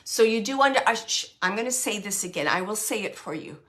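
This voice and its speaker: A woman working as a psychic medium, giving an earnest, emotional spirit reading. She laughs often and sometimes drops to a soft hush. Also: mid-range voice, animated, fast talker. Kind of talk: live spirit reading for a sitter.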